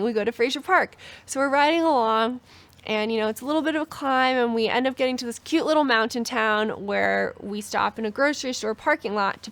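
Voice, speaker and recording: A young woman from the United States telling a cycling story in a chatty, animated way, full of "like". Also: fairly high pitch. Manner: chatty, animated, heavy use of "like". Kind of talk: casual storytelling.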